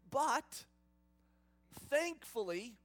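A man preaching who voices a powerful ruler speaking calmly and casually to his brothers. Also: soft background music, full character voice. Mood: forgiving. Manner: offhand, casual, low and measured. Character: powerful ruler man, calm and dryly teasing.

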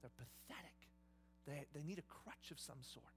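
A man preaching who voices an evil spirit, murmuring scornfully in a low hushed voice. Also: lively intonation, normal speed, soft background music, lightly acted. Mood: sneering. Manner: low hushed sneering whisper. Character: sneering tempting evil spirit, male.

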